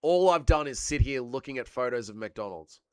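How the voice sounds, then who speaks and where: A man's voice: mid-range voice, expressive, moderate pace, smooth, no echo. An Australian man with a cold hosting a livestream, chatting casually with his viewers, rambling and swearing a lot. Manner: crude, swearing, rambling banter. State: has a cold. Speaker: livestream host. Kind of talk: casual chat reading live chat.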